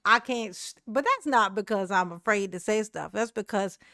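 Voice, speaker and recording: A woman's voice: mid-range voice, normal speed, pushed and bright, no room sound, studio quality. A woman doing brash, laughing, trash-talking commentary on a live stream.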